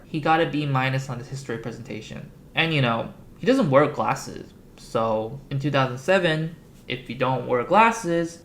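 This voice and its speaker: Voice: medium pitch, a little hiss or hum. A YouTube video essayist narrating a film recap in a sarcastic, ironic comedy style.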